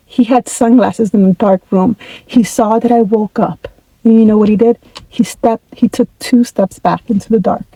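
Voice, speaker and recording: Very mellow-voiced woman telling a story. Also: a little high, dry recording, lo-fi sound. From United States. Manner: animated, repetitive, restarts words. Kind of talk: casual storytelling to camera.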